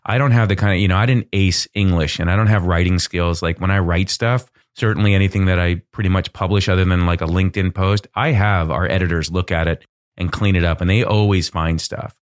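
Encouraging man with a very deep voice. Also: steady tone, brisk, no echo, studio quality. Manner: encouraging, easygoing, lots of "like" and "you know". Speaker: podcast co-host. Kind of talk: casual conversation.

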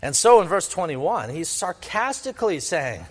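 Male pastor, emphatic teaching preacher with a swinging, animated delivery, heard through a big hall's long echo. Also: fairly high pitch, normal speed. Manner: emphatic and repetitive, rhetorical questions. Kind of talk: expository sermon. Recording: long reverb of a large hall.

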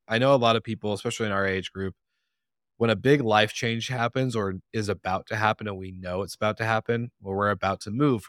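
Young man, podcast host, lowish voice, smooth and clear, rambling friendly questions. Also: fairly bright tone, no echo, studio quality. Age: young adult. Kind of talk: casual podcast interview.

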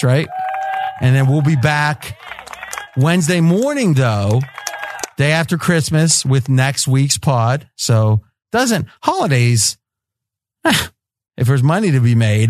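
A man hosts a sports betting roundtable, ribbing his panel and laughing as he goes. He talks at an unhurried pace, and his mid-range voice sits close and dry on the mic. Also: mid-range voice, dry recording. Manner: teasing, laughs often, ribs his guests. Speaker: podcast host.

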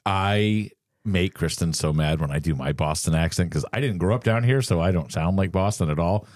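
A man with a fairly low voice, co-hosting a true crime podcast and telling stories in a joking, casual way, acting out what people said. The sound is dry and close to the mic, with no room around it. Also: moderate pace, a little mellow, no echo. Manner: storytelling, acts out quotes, joking. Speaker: podcast co-host.

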